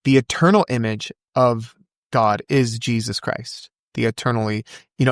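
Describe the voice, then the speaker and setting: A man speaking as a podcast guest in casual conversation, fervent and quick to recite scripture from memory. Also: steady tone, dry recording, studio quality. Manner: acts out quoted voices with big pitch jumps.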